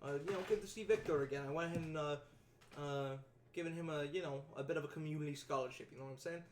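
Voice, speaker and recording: A man's voice: fairly high pitch, very fast, slight background noise. A man playing a tabletop role-playing game, rambling in character as a laid-back shop owner who swears freely. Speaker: tabletop player. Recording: echoey room.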